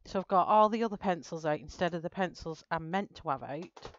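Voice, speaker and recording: A woman's voice: fairly low pitch, fairly quick, muffled recording, a little hiss or hum. A woman hosting a live stream, chatting casually, greeting viewers by name and explaining her plan step by step. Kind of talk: casual live-stream chat while colouring.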